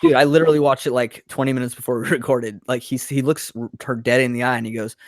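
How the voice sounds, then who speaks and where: A man's voice: mid-range voice, fast, hardly any pauses, dry recording, clean studio sound. A man casually discussing a horror movie with friends on a podcast, acting out lines from scenes. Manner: animated, acts out movie lines. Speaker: podcast co-host.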